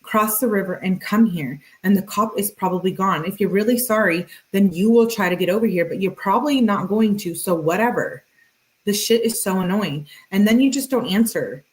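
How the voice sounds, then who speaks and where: A woman hosting a true-crime video, reading text messages aloud in a flat, matter-of-fact voice with casual asides. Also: mid-range voice, low-quality recording.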